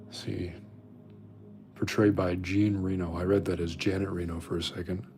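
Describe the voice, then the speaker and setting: A man's voice: deep voice, level tone, moderate pace, over music. A man casually chatting with viewers while drawing their requests, rambling and self-deprecating.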